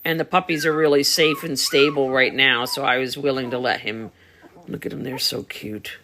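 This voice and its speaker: A woman's voice: very deep voice, steady tone, moderate pace, pushed and bright, a little hiss or hum. A middle-aged woman breeder chatting casually on a livestream beside her puppies, explaining her methods and answering viewer comments. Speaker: dog breeder. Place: home, beside a whelping box.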